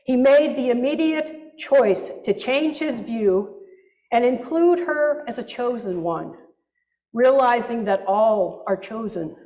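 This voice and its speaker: A woman's voice: on the high side, dark tone. A woman pastor preaching a sermon in a reflective manner with wry asides, recorded in a reverberant church hall.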